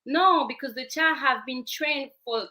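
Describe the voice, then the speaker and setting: A woman with a French accent speaks in a high, bright, forceful voice at an unhurried pace. She is a parenting coach appearing as a talk show guest, walking through her method step by step and repeating phrases as she goes.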